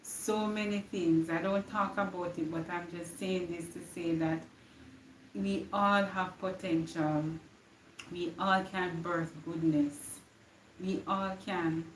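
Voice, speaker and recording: A woman's voice: on the low side, fairly even intonation, slow, reverberant, distant mic, a little hiss or hum, rough recording. A young woman with a Jamaican accent giving an earnest inspirational live-stream talk, slipping into patois now and then. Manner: earnest, preachy, slips into patois. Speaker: live-stream motivational speaker.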